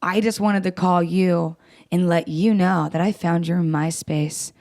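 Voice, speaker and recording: A harsh middle-aged mother on the phone, crude and scornful, as her daughter quotes her. She is slightly slow and cutting, and the voice stays close to the speaker's own. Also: fairly low pitch, fairly even intonation, a little mellow. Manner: crude, insulting.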